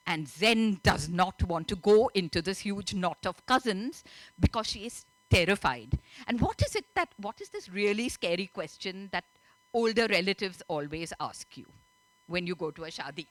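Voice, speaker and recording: A woman's voice: medium pitch, expressive, measured pace, fairly bright tone, dry recording. A woman author, chatty and laughing often as she tells and reads her story at a festival. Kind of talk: reading aloud and storytelling at a literature festival. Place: festival stage.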